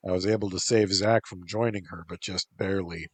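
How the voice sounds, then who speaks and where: A man reading a first-person story aloud in a deadpan, unhurried way. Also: low voice, slightly rough, dry recording. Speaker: narrator.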